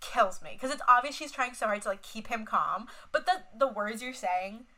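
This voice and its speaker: Young woman, podcast co-host, casual chat, bright voice, fairly high pitch, lots of "like" and cursing. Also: moderate pace, poor audio. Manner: swearing, animated retelling with many fillers.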